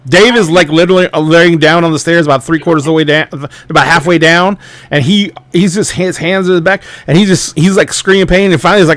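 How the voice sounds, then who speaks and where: A male game master narrating a tabletop horror game, his voice a touch higher than most men's. He rambles through the scene with restarts and fillers. The sound is close and dry, with no room to it. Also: fast talker, a bit bright, dry recording.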